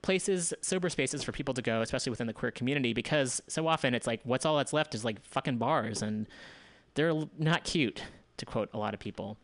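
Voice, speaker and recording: A man's voice: medium pitch, brisk, fairly bright tone, no room sound. A man hosting a community radio show, running through news items in a loose, casual way, with asides and restarts. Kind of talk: casual news roundup and commentary.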